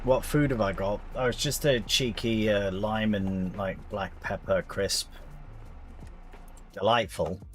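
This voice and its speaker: On a gaming stream, a young guy chats loosely with his audience, chuckling and addressing them as mate while he plays. He speaks slowly in a lowish, steady, slightly bright voice, and faint music plays underneath.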